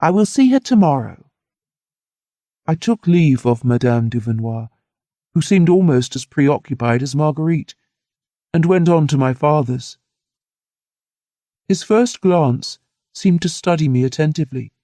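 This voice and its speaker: A man narrating a classic novel in the first person, in a steady, earnest storytelling manner. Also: a little high, a little slow, pauses often, no echo, studio quality. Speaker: audiobook narrator.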